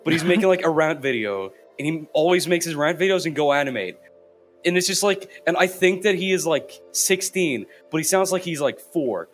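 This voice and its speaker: A young man with a slightly higher voice tells rambling, crude stories on a casual podcast and keeps restarting his sentences. Faint music plays underneath. He sounds like he's on a voice call. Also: lively intonation, normal speed. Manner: rambling, crude, giggly storytelling. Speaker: podcast host. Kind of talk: casual chat.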